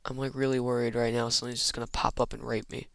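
A man's voice: mid-range voice, completely flat delivery, fast talker, vocal fry, fairly bright tone, no echo. A man giving rambling, self-mocking commentary while playing a game, muttering asides to himself. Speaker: Minecraft let's player. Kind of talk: casual gameplay commentary.

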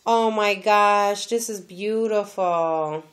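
An adult woman with a daughter, a crafting vlogger, opens a gift on camera and gushes and exclaims over each item in a casual chat. Her voice is mid-range and her pace slow.

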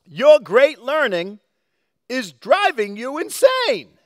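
A man preaching who voices the Roman governor Festus as an exasperated official shouting in a raised, high voice. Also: huge pitch swings, slow, dry recording, clean studio sound, heavily acted.

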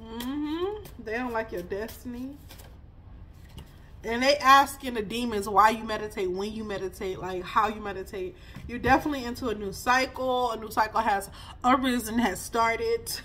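A woman's voice: fairly high pitch, normal speed, pushed and bright, a little hiss or hum. A woman, giving a chatty spiritual reading full of laughs and sassy asides. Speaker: spiritual reader. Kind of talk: casual spiritual reading vlog.

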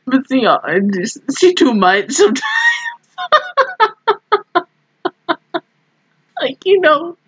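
A young woman in her twenties hosting an anime reaction, telling stories in a casual, animated way that keeps breaking into laughter. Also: extremely high pitch, drawn-out words, pauses often. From Southern United States. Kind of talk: casual review chat. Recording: dull lo-fi mic sound.

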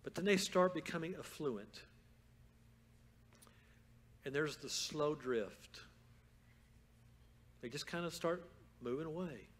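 A man preaching a sermon as pastor in a church, moving from calm storytelling to loud, fervent exhortation. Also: fairly high pitch, slow pace, long pauses. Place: church sanctuary.

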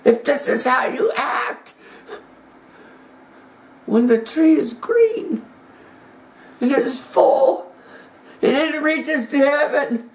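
A man's voice: very high voice, animated, slow, creaky, long pauses, pitched above the performer's own voice, exaggerated voice. A man preaching voices a sorrowful prophet who speaks solemnly and pleadingly to weeping women. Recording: echoey room.

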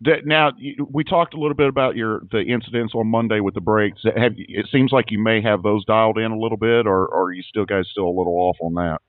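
A man's voice: on the low side, fairly even intonation, a little fast, hardly any pauses, no echo. A man hosting a racing show, chatting casually and folksily with a guest, often repeating his words. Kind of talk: casual interview. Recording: tinny phone-like line.

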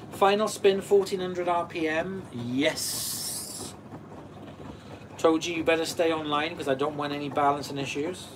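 A man's voice: a little high, a little slow, background noise. A Welsh man in his forties hosting a live stream, reading out viewer comments and answering them in a chatty way. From Wales. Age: 40s. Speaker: channel host.

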